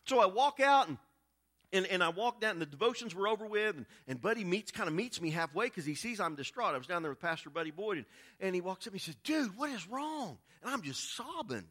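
Animated pastor with bright voice. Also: male voice, high voice, quick pace. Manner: animated, repeats words while telling a story. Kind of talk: storytelling sermon.

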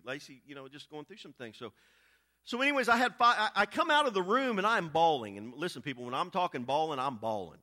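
Animated pastor with bright voice. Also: male voice, fairly high pitch, fast. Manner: animated, repeats words while telling a story. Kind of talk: storytelling sermon.

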